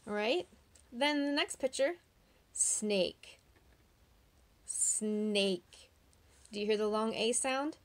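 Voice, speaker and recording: A woman teaching young children phonics online, drawing out the sounds of words and asking patient, encouraging questions. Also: mid-range voice. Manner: slow, drawn-out sounding out of words.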